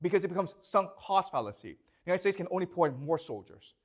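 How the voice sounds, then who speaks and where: Animated man lecturing a class. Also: high-pitched, fast. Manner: constantly checks comprehension with rhetorical questions.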